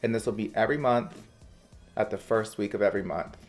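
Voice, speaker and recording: A young man hosting his makeup channel, talking in an animated, emphatic and playful way. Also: fairly low pitch, fairly quick, faint music behind. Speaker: beauty vlogger. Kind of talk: upbeat vlog intro.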